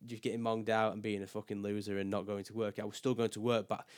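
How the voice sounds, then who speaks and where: A young man speaks in a lowish voice as a podcast guest. He chats candidly and swears freely, often breaking off mid-thought to restart. The sound is dry and close, with no room around it. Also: little pitch movement, quick pace, dry recording. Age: young adult. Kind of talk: casual chat.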